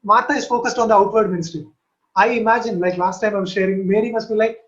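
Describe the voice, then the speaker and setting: A man with a high voice teaches in an earnest sermon style. He urges his listeners on and comes back to the same phrases again and again. The sound is dull and lo-fi, like audio from an online call. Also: fairly even intonation, quick pace, a bit bright. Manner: earnest, repeats key phrases to exhort. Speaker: Christian teacher.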